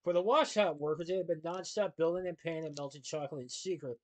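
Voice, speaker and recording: Slightly high-voiced man reading a story. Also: quick pace, low-quality recording. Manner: expressive reading with shifting character voices. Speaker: storybook reader. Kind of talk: reading a children's novel aloud.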